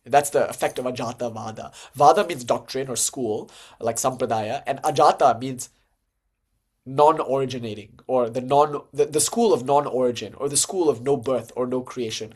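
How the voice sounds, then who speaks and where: A man's voice: medium pitch, moderate pace. Chatty man giving a spiritual lecture. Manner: conversational, with frequent "like" and "you know" fillers; animated, jumps to lively acted-out dialogue. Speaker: lecturer on Hindu tantra and philosophy.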